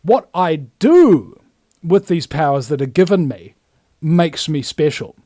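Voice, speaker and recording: A man's voice: on the high side, lively intonation, slow pace, mellow, no room sound, clean studio sound. Fiery New man ranting. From New Zealand. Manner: emphatic and scornful, acts out other people's voices. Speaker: host. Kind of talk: ranting monologue.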